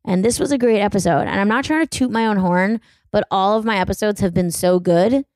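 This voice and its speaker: A woman's voice: mid-range voice, a little fast, a little mellow, no room sound. Chatty rambling woman podcast host. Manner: rambling, self-deprecating, chatty with many fillers. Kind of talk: casual solo chat.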